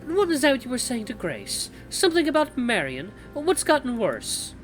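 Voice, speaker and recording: A man voicing a sweet, smooth but cold and cloying young woman who pries politely. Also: very high-pitched, huge pitch swings, normal speed, fairly bright tone, faint music behind, pitched above the performer's own voice, full character voice. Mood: prying. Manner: overly polite, prying.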